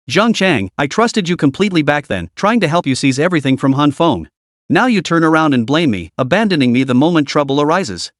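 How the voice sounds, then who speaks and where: A man's voice: fairly high pitch, no echo, studio quality. A man voicing a desperate young woman who pleads and begs. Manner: begging, pleading.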